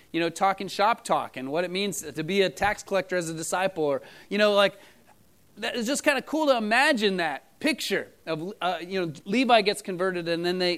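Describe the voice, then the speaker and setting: A middle-aged man gives his church an informal sermon, rambling through stories with plenty of filler words. The church audio captures a high-sitting voice with a clean, fairly bright tone.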